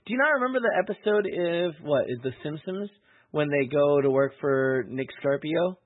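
A man co-hosting a casual podcast, bantering about a movie in a chatty, jokey way. His voice sits high and husky. The sound is dry and thin, like it came over a phone. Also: moderate pace. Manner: chatty, jokey, trails off mid-thought. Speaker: podcast co-host. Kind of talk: casual movie recap chat. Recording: tinny dry phone-like audio.

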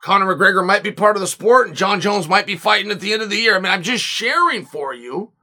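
A man hosting his own show, giving solo commentary with emphatic swings between loud punchlines and low muttered asides, full of repeated rhetorical questions. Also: expressive, fast talker. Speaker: podcast host.

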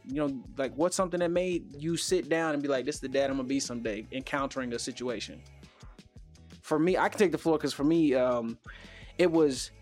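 A young man hosting a casual podcast chat, telling stories in slang and acting out the quotes he tells. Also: medium pitch. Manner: animated, acts out quotes, slangy. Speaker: podcast host.

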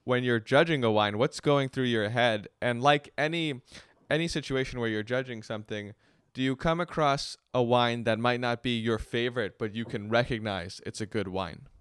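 A man interviews a guest, his questions curious and measured. His voice is smooth and resonant. The sound is dry and close. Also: medium pitch, a bit bright, dry recording. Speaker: interviewer host.

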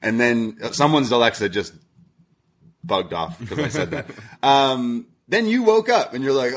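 A man's voice: mid-range voice, animated, moderate pace, breathy edge. A man co-hosting a podcast, telling a long story in casual chat, swearing often and laughing at himself. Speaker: podcast co-host.

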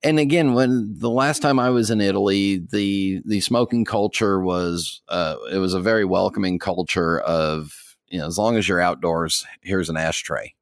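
Deep-voiced man chatting on a podcast. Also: moderate pace, dry recording, clean studio sound. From United States. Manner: rambling, with frequent fillers and chuckles. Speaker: podcast co-host. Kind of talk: casual podcast chat.

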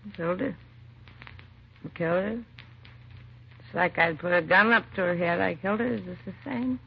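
Taking on a full character voice, a woman with a fairly low, slightly rough tone and vocal fry plays a grieving young mother of about twenty-eight who is drunk, weary, and self-accusing. She slurs at a moderate pace in an old radio crime drama, captured on a dull lo-fi recording.

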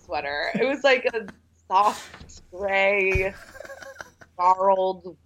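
A woman's voice: medium pitch, animated, very slow, a bit bright, slight background noise. A woman film critic guesting on a podcast, chatting casually and laughing often. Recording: dull lo-fi sound.

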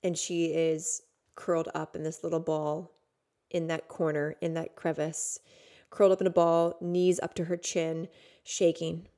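A woman's voice: low voice, flat delivery, a little slow. Woman telling a raw personal story. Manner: raw, intimate, with frequent "like" and sudden swings from hushed to loud. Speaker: podcast host.

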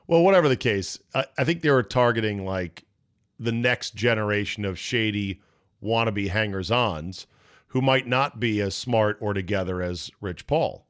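A man hosting a sports talk show, casual and profane, riffing quickly with his co-host. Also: lowish voice. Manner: brash, profane, rapid riffing.

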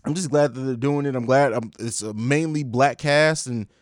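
A man hosting a casual podcast chat, animated and laughing often as he hypes things up. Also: mid-range voice, moderate pace, dry recording, clean studio sound. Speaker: podcast host.

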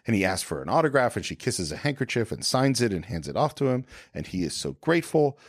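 A man's voice: mid-range voice, big pitch swings, quick pace, dry recording, studio quality. A man co-hosting a film podcast, retelling a movie scene by scene and acting out the characters' lines in casual chat. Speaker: podcast co-host.

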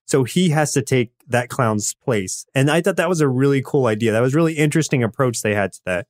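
A man co-hosting a casual podcast, recapping episodes in a relaxed, explanatory way. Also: mid-range voice, fast. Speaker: podcast co-host. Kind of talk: casual chat.

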